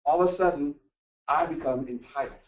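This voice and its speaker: Guy giving a stress talk, voice sits a bit high, mic kinda far off, dull lo-fi sound. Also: brisk. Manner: animated, acts out quoted voices and asks rhetorical questions. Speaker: workshop presenter. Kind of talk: motivational workplace talk. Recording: echoey room, distant mic, dull lo-fi sound.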